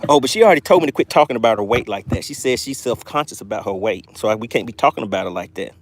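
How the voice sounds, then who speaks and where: Excitable man hosting a fishing live stream. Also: medium pitch, rapid-fire, slight background noise. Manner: excitable and playful, reads chat aloud. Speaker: fishing channel host. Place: outdoors on a boat on a lake.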